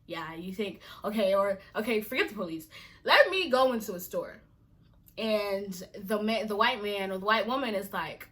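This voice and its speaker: Bright-voiced young woman ranting, exasperated. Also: mid-range voice, lively intonation, normal speed. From Africa. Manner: exasperated, emphatic, dramatic drops to a whisper. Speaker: vlogger. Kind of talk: casual vlog rant to camera.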